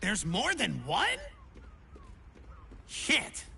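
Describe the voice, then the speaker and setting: A performer voicing an eager, hapless young would-be adventurer in a video game, excitable and clumsy, fumbling for words. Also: mid-range voice, drawn-out words, vocal fry, slight background noise, full character voice. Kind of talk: video game character dialogue.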